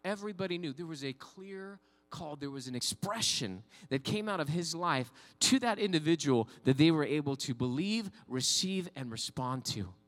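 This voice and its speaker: A man preaching a sermon from the pulpit, his voice pitched high and bright. He rises to fervent calls and call-and-response with the congregation. A long reverb hangs on every line. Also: animated, normal speed, hardly any pauses. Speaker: pastor.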